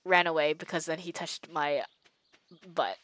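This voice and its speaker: A woman's voice: deep voice, unhurried, fairly bright tone, dry recording. A woman in her early twenties, chatting casually as a streamer, telling an anecdote with lots of fillers and a wry tone. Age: early 20s. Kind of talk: casual storytelling.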